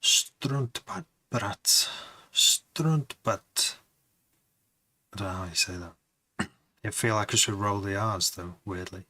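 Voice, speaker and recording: A man's voice: deep voice, little pitch movement, moderate pace, bright, forceful tone. A man producing music on a live stream, chatting to viewers in a rambling, casual way.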